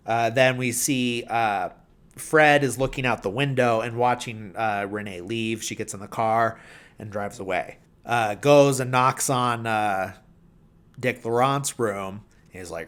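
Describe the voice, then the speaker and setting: A man at a relaxed, unhurried pace, talking through a movie's plot in a loose, rambling way. He leans on fillers and drops his voice into soft mumbles when he quotes characters. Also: medium pitch, clean tone. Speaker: podcast host. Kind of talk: casual film recap.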